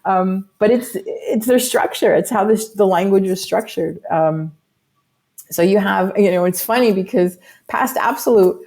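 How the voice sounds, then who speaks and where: A woman musician from the U.S. talks casually as a podcast guest, going on at length with frequent asides. Her pitch is medium, her tone darkish, and she speaks a little slowly.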